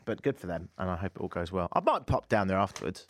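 A man's voice: sits low, big pitch swings, fast, background noise. A man hosting a talk radio show, chatting casually with a dry, self-mocking wit from a studio. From England. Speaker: radio host. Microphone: studio mic.

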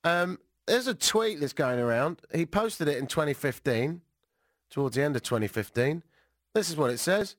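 A man's voice: on the high side, normal speed, long pauses, no echo. Jet-lagged british radio guy ranting sarcastically, voice jumping all over, dry close mic. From Britain. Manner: sarcastic, animated. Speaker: radio host. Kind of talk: talk radio monologue.

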